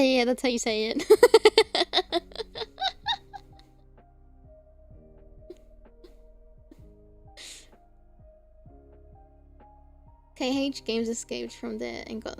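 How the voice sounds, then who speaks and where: A young woman streamer chats casually, her voice sitting high. She laughs a lot and drops the odd swear word. Faint music plays quietly underneath. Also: very animated, slow pace, creaky, pauses often. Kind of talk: casual chat.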